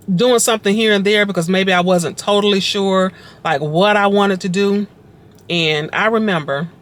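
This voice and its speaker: Earnest woman telling her faith story. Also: medium pitch. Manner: earnest, conversational, reflective; repeats phrases for emphasis, fills with "like". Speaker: vlogger sharing her testimony.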